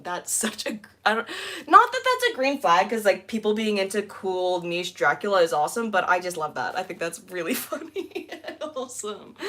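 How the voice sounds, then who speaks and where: A young woman live streaming while she cleans, chatting casually with giggly, rambling asides and excited squeals. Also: fairly low pitch. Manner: bubbly, squealing excitedly at new members.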